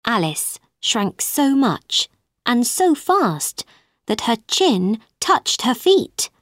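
Slow, expressive woman reading a story. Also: on the high side, no echo, studio quality. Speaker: narrator.

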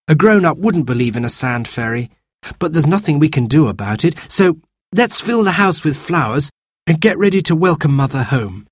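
Eager storybook girl, pleading and high, husky edge, as a man puts her on. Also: very animated, normal speed, no room sound, studio quality. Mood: earnest. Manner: pleading, bright. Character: earnest young girl, eldest sister.

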